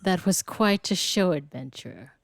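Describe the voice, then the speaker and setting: A woman's voice: fairly low pitch, animated, a little slow, creaky, dry recording, clean studio sound. A woman reading aloud a refined, theatrical quest-giver from a fantasy game, in formal, ornate speech. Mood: grandly formal.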